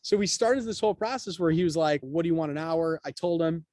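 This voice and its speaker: Man guest on a podcast, quick and lively raconteur, slightly high voice, dry close sound. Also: no echo. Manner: animated, quick storyteller acting out quotes. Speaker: guest, real estate broker. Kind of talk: casual storytelling interview.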